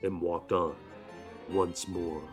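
A man narrating an audiobook in a measured, solemn manner. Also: deep voice, little pitch movement. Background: faint violin music.

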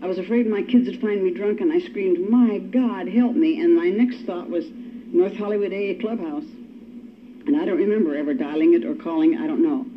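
A woman's voice: on the low side, a little fast. An older woman giving a personal testimony at a recovery meeting, telling her story in a wry, self-mocking way. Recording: dull lo-fi recording with faint hiss.

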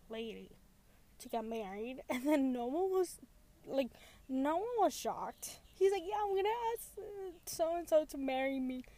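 High-voiced young woman rambling a recap. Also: mellow. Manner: rambling, heavy filler words, giggly. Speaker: show recap vlogger. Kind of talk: casual episode recap.

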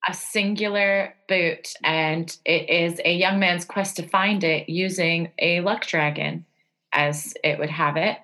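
A woman co-hosting a podcast in casual chat, talkative and quick to laugh, given to rambling asides. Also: fairly low pitch, fairly even intonation, bright, forceful tone, poor audio. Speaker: podcast co-host.

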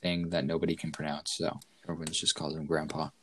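A man in casual chat, telling animated stories about coworkers and acting out their lines. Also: extremely low pitch, fairly quick, a little hiss or hum. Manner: animated storyteller, acts out coworkers' voices. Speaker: co-host telling work stories.

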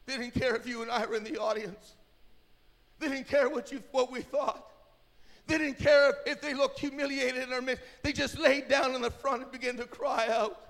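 Male preacher, revival sermon, very high gravelly voice, hushed to shouting. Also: level tone, normal speed.

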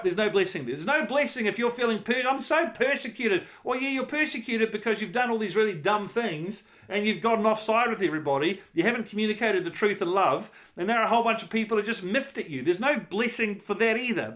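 A man's voice: high voice, a bit bright. A middle-aged man, a pastor preaching a conversational, emphatic sermon with rhetorical questions.

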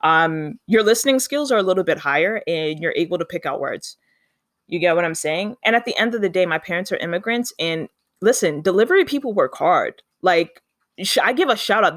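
Casual storytime vlog, animated and chatty, mid-pitched voice, dry close sound. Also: no echo. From Canada. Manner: animated, chatty, acts out quoted dialogue.

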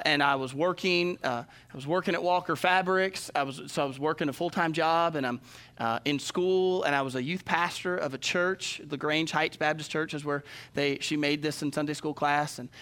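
A man delivers a sermon. His voice sits fairly high and sounds bright and forceful. He tells personal stories and reads Scripture with rising emphasis. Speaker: pastor.

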